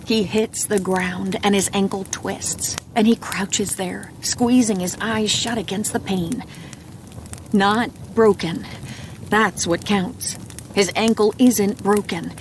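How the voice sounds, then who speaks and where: A woman narrating a bedtime audiobook in a calm, soft reading voice. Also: mid-range voice, a little hiss or hum.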